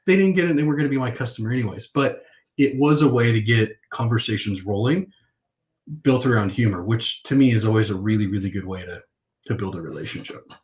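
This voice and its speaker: A middle-aged man with a low voice talks as an interview guest. He tells his stories with energy, jumping into other people's voices to act out old phone calls. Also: fast. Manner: animated storyteller acting out phone calls.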